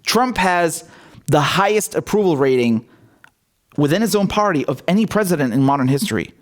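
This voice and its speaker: A man with a fairly high voice delivers heated political commentary on his own show. He talks bluntly and sarcastically, throwing in a swear word now and then. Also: lively intonation, moderate pace.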